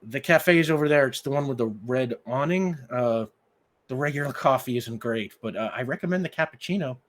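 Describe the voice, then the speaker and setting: A man's voice: mid-range voice, brisk, pitched above the performer's own voice, natural voice. A man voicing a weary young woman who pleads with her dog out in the rain. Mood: apologetic. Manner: exasperated, pleading.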